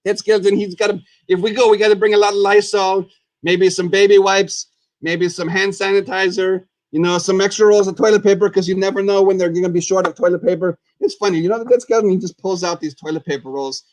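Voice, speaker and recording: A man hosting a live puppet talk show as a goofy, chatty skeleton, rambling and excitable, and referring to himself in the third person. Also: high voice, fast talker, no room sound. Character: goofy skeleton host, male, chatty and silly. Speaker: host.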